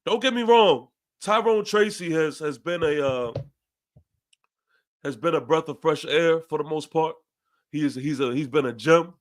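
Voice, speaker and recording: A man's voice: a little high, a little slow. A young man with a New York accent hosting a fan podcast, ranting after a loss, emphatic and repeating his phrases. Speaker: podcast host. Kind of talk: fan post-game rant.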